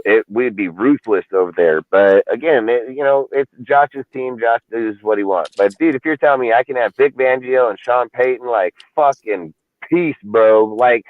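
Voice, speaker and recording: A man's voice: medium pitch, dry recording. A man hosting a casual sports talk podcast, ranting and swearing constantly in a fired-up way. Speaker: podcast host. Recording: dry, phone-like lo-fi audio.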